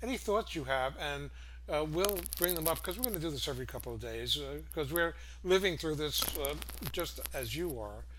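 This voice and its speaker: A man's voice: on the high side, animated, normal speed, fairly bright tone, slight background noise. An older man co-hosting a casual chat, chuckling often and hesitating with many fillers. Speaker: co-host.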